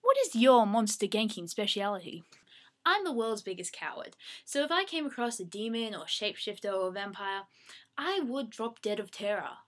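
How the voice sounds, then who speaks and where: A woman's voice: mid-range voice, lively intonation, moderate pace. A young Australian woman casually answering fan questions at home into her webcam mic, chatty and self-mocking. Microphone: webcam microphone.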